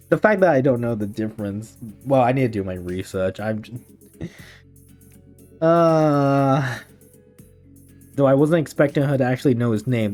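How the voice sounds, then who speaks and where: Giggly streamer with a mellow, lively voice. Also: medium pitch. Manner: giggly, chatty asides. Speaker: streamer reading a game story. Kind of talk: casual game playthrough reading.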